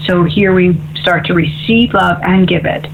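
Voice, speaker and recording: A woman's voice: on the low side, moderate pace, creaky, slight background noise. A woman hosting a call-in spiritual radio show as an intuitive medium, talking in an upbeat, chatty way and often asking "right?". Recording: tinny phone-like radio audio.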